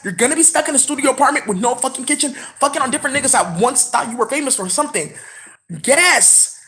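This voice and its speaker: Brief: higher-voiced woman, rambling vlog rant, erratic and profane. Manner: erratic, profane, with sudden loud exclamations. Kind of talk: rambling monologue.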